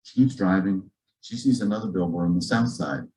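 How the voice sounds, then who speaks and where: A man, a physician, telling a story to a church gathering in a lively, joking way, acting out the dialogue. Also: low-pitched, a little fast, poor audio. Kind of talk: storytelling talk to a church audience. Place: church auditorium.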